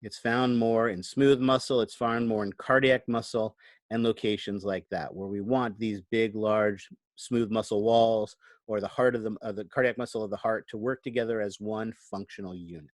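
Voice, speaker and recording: A man's voice: fairly low pitch, fairly even intonation, normal speed, no echo. Conversational male lecturer, dry sound. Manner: conversational, frequent "right?" check-ins. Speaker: college lecturer. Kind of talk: recorded online lecture. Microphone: computer microphone.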